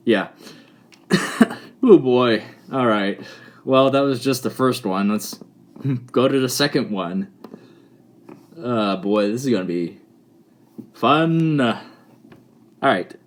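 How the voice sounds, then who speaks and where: A man's voice: medium pitch, slow, pauses often. A man hosting a reaction video, laughing often and rambling casually as he corrects himself mid-thought.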